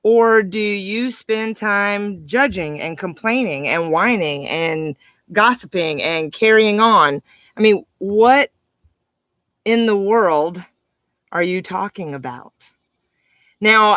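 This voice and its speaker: Middle-aged woman coach, upbeat motivational talk, bright tone, dry close mic. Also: medium pitch, slow pace, no room sound. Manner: upbeat, animated, emphatic with laughs. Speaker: life coach.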